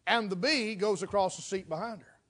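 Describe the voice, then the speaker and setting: A high-voiced male preacher giving a sermon. He tells his illustration with drama, building to loud, fast passages and dropping to near-whispers. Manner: dramatic storytelling, swings between loud and hushed.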